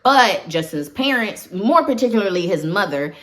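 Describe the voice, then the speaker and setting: A woman's voice: medium pitch, very animated, moderate pace, fairly bright tone. A woman casually recapping a horror film for her channel, talkative and full of opinionated asides. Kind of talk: casual movie recap commentary.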